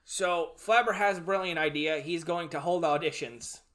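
A man co-hosting a casual recap chat, excitable, swearing freely and acting out scenes. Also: fairly high pitch, moderate pace. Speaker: podcast co-host.

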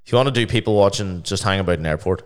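A man's voice: low-pitched, rapid-fire, clear, resonant tone. A man chatting casually on a podcast, blunt and sweary. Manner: blunt, sweary, laid-back. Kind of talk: casual chat.

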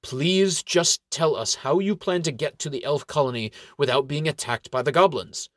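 A man's voice: fairly high pitch, moderate pace, a bit bright, no echo, clean studio sound, voice pushed up, natural voice. Man doing a stern, commanding inquisitor. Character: stern male inquisitor cleric, authoritative.

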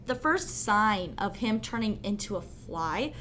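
Woman podcast co-host, casual explainer, steady pitch, faint noise behind. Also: a little slow. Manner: explains facts plainly, with "uh" and "um" fillers. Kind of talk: casual chat.

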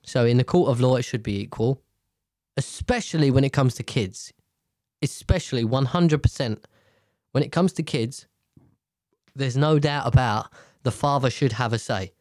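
A man's voice: mid-range voice, moderate pace, pauses often, darkish tone. A man talks off the cuff on his own podcast, drifting from point to point and swearing as he goes. His voice sits in a middle register. The sound is close and dry, with no room echo. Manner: rambling, profane, restarts often. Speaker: podcast host. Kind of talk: casual solo podcast rant. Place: at a table at home.

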